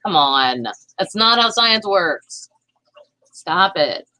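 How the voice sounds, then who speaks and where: A woman with a Southern accent hosting a livestream, ranting fast about politics and reading out viewer comments. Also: lowish voice, expressive, bright, forceful tone, dry recording, rough recording. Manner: fast, heated, talks to chat viewers. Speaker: livestream host reading chat. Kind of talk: casual political livestream chat.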